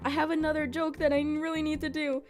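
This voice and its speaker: A woman's voice: high voice, level tone, fast talker, soft background music. A woman streamer reading a game aloud, breaking off with giggly, joking asides.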